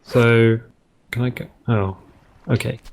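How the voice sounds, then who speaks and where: A man's voice: medium pitch, steady tone, slow, vocal fry, a little hiss or hum. Rambling man narrating his gameplay at home. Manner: rambling, self-interrupting, jokey tangents. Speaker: gaming video host. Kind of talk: casual let's-play commentary.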